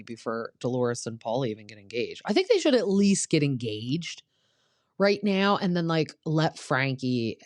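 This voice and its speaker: A woman's voice: a bass voice, darkish tone, no room sound. Woman, podcast host, casual chatty recap, filler-heavy, dry room. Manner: chatty, peppered with "like".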